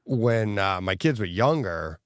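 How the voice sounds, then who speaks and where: This podcast co-host is a middle-aged man whose fairly low voice moves a little slowly, captured in a clean, dry studio recording. In casual chat he tells stories animatedly, laughing often and acting out quotes.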